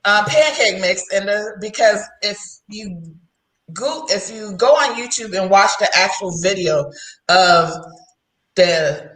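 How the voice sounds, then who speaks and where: Bright, chatty woman hosting. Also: mid-range voice, expressive, slow pace, echoey room, rough recording. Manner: rambling, chatty, laughs often. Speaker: host. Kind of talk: casual livestream chat.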